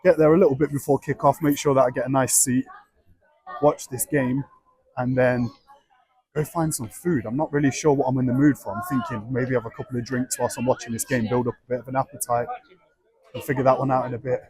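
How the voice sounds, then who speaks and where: A young man in casual chat as a travel vlogger and illustrator, rambling and musing aloud in a low murmur at an outdoor café and in city streets. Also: steady tone, fairly quick, a little mellow.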